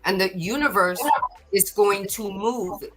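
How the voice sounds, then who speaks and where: A woman's voice: medium pitch, measured pace, a bit bright, soft background music. A middle-aged woman hosting a podcast, giving an earnest spiritual talk and often repeating words as she gathers her thoughts. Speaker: podcast host.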